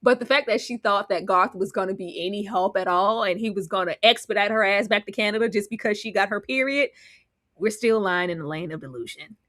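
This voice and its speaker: A woman's voice: medium pitch, fairly quick, a bit bright, dry recording, studio quality. A woman hosting a casual live discussion show, talking with animation and acting out characters' lines. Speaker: host.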